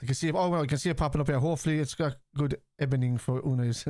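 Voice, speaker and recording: A man's voice: a little high, racing, warm tone, dry recording, studio quality. Chatty Irish man streaming football. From Ireland. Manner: chatty, swears, reads out chat and reacts to play. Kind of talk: casual live-stream chat.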